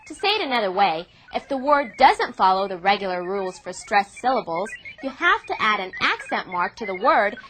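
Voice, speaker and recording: A woman's voice: mid-range voice, very animated, normal speed, few pauses, a bit bright, slight background noise, poor audio. A woman reading scripted instructional narration in a reassuring, explanatory way.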